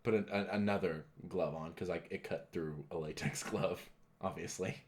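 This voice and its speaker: Young man, low voice, casual podcast chat, filler-heavy storytelling. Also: normal speed. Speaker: podcast co-host.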